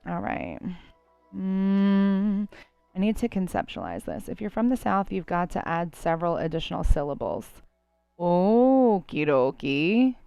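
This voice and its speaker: A woman's voice: fairly low pitch, big pitch swings, moderate pace, creaky, mellow, clear, resonant tone, dry recording, lo-fi sound, soft background music. A woman with a New Jersey accent, chatting casually and rambling while she draws on a live stream. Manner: chatty, rambling, many likes and you knows. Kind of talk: casual chat while drawing.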